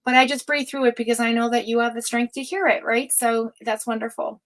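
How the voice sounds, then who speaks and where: A woman's voice: on the high side, fairly even intonation, fairly quick, poor audio. Emotional woman reading tarot on a livestream. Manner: warm, emotional, affectionate, with many fillers and sighs. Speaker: tarot reader and livestream host.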